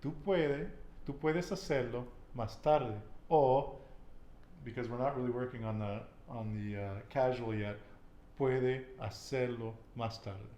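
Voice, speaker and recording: A man's voice: mid-range voice, a little slow, warm tone, reverberant, highs cut off, a little hiss or hum. A man teaching a casual language lesson, patiently asking questions and repeating his student's answers with encouragement. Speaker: Spanish teacher.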